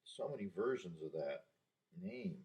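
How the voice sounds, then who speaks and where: An older man in his sixties with a deep, low voice that still swings widely in pitch. He rambles through memories, halting and restarting, often sighing. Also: big pitch swings, a little mellow. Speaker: vlogger. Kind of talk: casual personal monologue.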